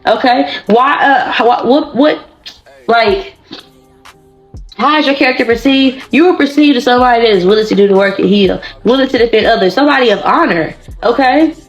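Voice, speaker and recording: A hoarse woman giving a casual tarot reading to camera, blunt, profane and rambling as she talks. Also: fairly high pitch, normal speed, lo-fi sound, faint music behind. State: hoarse, voice partly gone. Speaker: tarot card reader. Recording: roomy echo.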